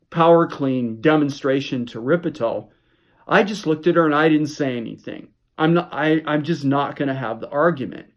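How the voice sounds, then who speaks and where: A man's voice: a little high, highs cut off. Man telling a story to camera. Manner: rambling anecdote with frequent restarts. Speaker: health vlogger. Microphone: camera mic.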